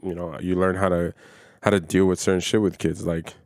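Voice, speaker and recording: A man's voice: low voice, little pitch movement, a little fast, a little mellow, dry recording, clean studio sound. A young man co-hosting a podcast, telling stories in a blunt, profane, casual way. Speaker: podcast co-host. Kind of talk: casual chat.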